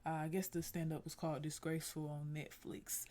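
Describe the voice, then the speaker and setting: A reaction video host with a mid-pitched voice, talking in an easy, laid-back way. The delivery is loose and chatty, like casual commentary between clips. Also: level tone, fairly quick, a little mellow.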